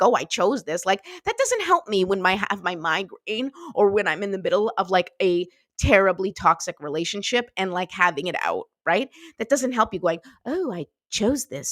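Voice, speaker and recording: A woman's voice: mid-range voice, no room sound, clean studio sound. A woman hosting a daily self-help show, talking casually and encouragingly to her viewers, often checking in with "right?". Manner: warm, chatty, lots of "right?" and "you know". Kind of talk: casual motivational talk to viewers.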